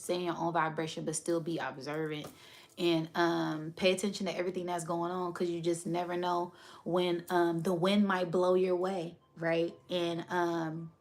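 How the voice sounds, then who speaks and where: Animated woman chatting on a spiritual livestream. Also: lowish voice. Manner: animated, laughs often, says right a lot. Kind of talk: casual livestream chat.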